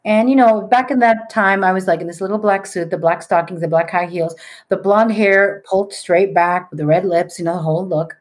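A woman in her late forties, a psychic medium, telling her story in a casual, animated way and mixing in Spanish words. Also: fairly low pitch, brisk. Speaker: podcast guest, psychic medium.

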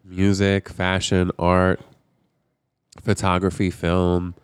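A man with a smooth, fairly low voice chats on a podcast. He explains things in careful, knowledgeable detail, recorded close and dry. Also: monotone, slow pace, dry recording. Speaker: podcast co-host. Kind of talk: casual podcast chat.

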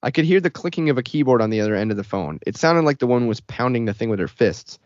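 A man's voice: medium pitch, very animated, quick pace, a little mellow, dry recording. A man co-hosting a podcast, reading a horror story aloud in a casual manner, on a dull lo-fi recording. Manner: casual, laughs between lines. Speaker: podcast co-host. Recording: dull lo-fi sound.

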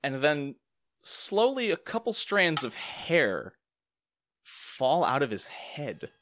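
Lively male game master. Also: a little high, slow. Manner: vivid, suspenseful description with playful asides. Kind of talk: narrating a tabletop game.

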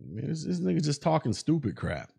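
Guy on a podcast going off, blunt and mocking, voice on the higher side. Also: huge pitch swings, fairly quick, creaky, mellow, breathy edge. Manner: blunt, mocking, laughs at his own jokes. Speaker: podcast host. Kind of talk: casual commentary.

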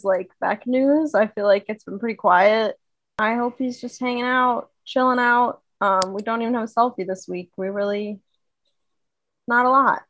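A woman's voice: on the high side, a bit bright. A woman co-hosting a podcast in casual, upbeat chat, full of "like" fillers. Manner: chatty, upbeat, many "like" fillers. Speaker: podcast co-host.

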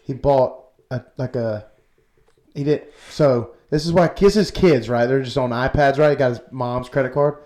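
A man co-hosting a casual podcast, relaxed in manner. He drops wisecracks and mock sponsor lines between odd news stories. His voice sits in an ordinary middle pitch for a man. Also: moderate pace. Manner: laid-back, wisecracking. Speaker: podcast co-host.

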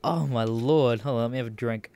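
A man's voice: mid-range voice, fairly quick, clear, resonant tone, no echo. A young Australian man hosting a podcast, ranting casually, swearing a lot and laughing often. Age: young adult. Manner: profane, animated, laughs often. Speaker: podcast host. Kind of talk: casual rant.

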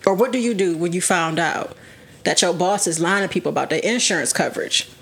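A woman's voice: lowish voice, expressive, fairly quick, creaky, husky. A woman co-hosting a casual podcast chat, blunt and opinionated. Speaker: podcast co-host.

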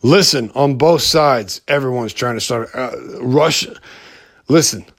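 A man hosting a podcast in a rambling, profane monologue, full of halting restarts and fillers. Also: medium pitch, fairly bright tone. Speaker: podcast host. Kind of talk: casual ranting monologue.

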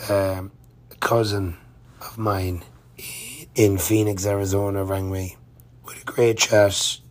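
Low, flat-voiced man. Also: takes it slowly. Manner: rambling and chatty, with many fillers and restarts. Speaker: touring cyclist vlogger. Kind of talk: casual travel-diary narration.

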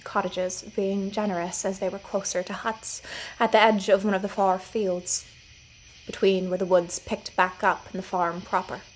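A woman narrates her own scripted audio fiction in a measured storytelling manner. Her voice sits mid-range, with a faint noise behind it. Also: mid-range voice, level tone, low-quality recording. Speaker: writer and narrator.

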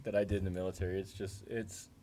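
A man's voice: low-pitched, level tone, mellow. A young man co-hosting a casual podcast, joking and swearing as he recalls military training. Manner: joking, swearing, quick reactions. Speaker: podcast co-host, military veteran. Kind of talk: casual storytelling chat.

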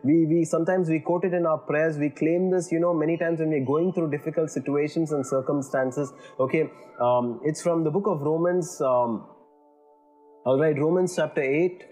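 A man with a somewhat high, husky voice preaches a sermon and keeps pressing his point with rising emphasis. He checks in with his listeners often. Soft music plays faintly behind him. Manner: earnest, rising emphasis, frequent "you know" and "all right". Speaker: pastor.

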